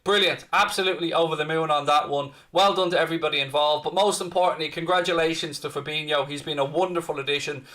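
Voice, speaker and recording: Upbeat high-voiced man chatting. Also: steady tone, fast, few pauses, bright, forceful tone. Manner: chatty, upbeat, reads out viewer comments. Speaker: fan channel host. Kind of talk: live-stream fan chat.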